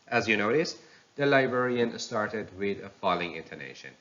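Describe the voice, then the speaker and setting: A man teaching pronunciation in a recorded lecture, explaining slowly and reading example sentences aloud. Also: on the low side, fairly bright tone, lo-fi sound.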